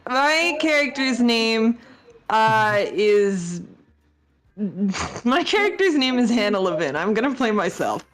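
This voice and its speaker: A woman playing herself as a lawyer in an improvised comedy game, quick-witted and incredulous. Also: on the high side, very animated. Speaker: player in comedy role-play. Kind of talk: improvised comedy role-play.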